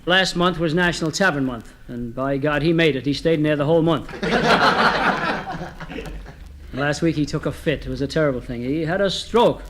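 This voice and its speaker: A man telling comic stories, delivering one-liners with a deadpan manner. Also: a little high, fairly quick, hardly any pauses, noisy background. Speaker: comedian. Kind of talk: comic storytelling.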